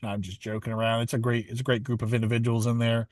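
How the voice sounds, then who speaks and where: A man's voice: medium pitch, level tone, quick pace, a little mellow, no echo. A man co-hosting a golf betting podcast, chatting casually and upbeat with many fillers and restarts. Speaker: podcast co-host.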